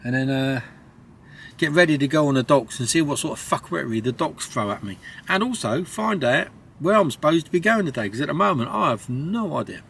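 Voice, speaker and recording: Gravelly, sweary trucker rambling. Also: male voice, a little high, expressive, a little fast, a bit bright, slight background noise. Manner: rambling, heavy swearing, self-mocking. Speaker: lorry driver vlogger. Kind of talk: casual vlog chat to camera. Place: inside his truck cab.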